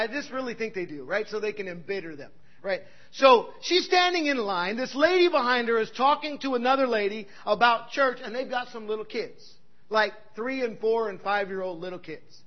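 A male preacher with a very high voice, talking boldly and conversationally to his congregation. He keeps checking in with "right?" and swings between loud bursts and hushed asides. The recording is dull and lo-fi. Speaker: pastor. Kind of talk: sermon.

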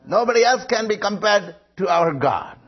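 A man's voice: high-pitched, lively intonation, moderate pace, husky. A man preaching a sermon, emphatic and rising on quoted lines, with frequent hesitations. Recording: muffled lo-fi recording.

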